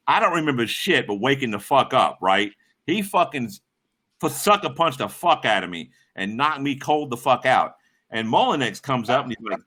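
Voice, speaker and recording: Profane, lively man telling stories. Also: mid-range voice. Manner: profane, rambling, greets chat viewers. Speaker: livestream host. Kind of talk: casual livestream storytelling.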